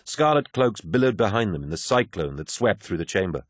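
A man narrates an audiobook in a low voice, reading with measured drama. The sound is close and dry, with no room around it. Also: lively intonation, no echo. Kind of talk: scripted narration.

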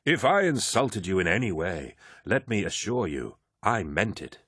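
A man's voice: lowish voice, big pitch swings, moderate pace, fairly bright tone, breathy edge, no echo, clean studio sound, full character voice. A man voicing an insolent, mocking warrior captain who barks orders.

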